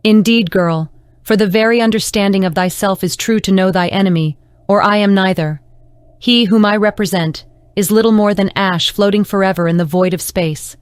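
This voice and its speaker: A woman's voice: medium pitch, moderate pace, clean tone, no echo, natural voice. A woman narrator voicing a cruel, snarling male beast in an audiobook. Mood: solemn. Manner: snarling, ranting.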